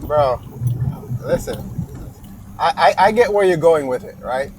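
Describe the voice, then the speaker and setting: A man's voice: on the high side, animated, a little slow, a little mellow, slight background noise, low-quality recording. A man in a casual debate, animatedly telling his own experiences and acting out both sides.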